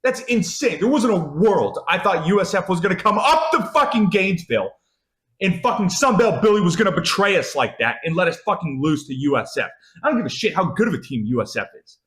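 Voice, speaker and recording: A young American man rants about college football, cursing nonstop and repeating himself. His fairly high voice swoops wildly between loud outbursts and low mutters. The room around him is echoey. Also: big pitch swings, brisk. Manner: swears constantly, repeats lines, swings loud then muttering. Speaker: college football podcast host. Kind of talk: profane ranting sports talk.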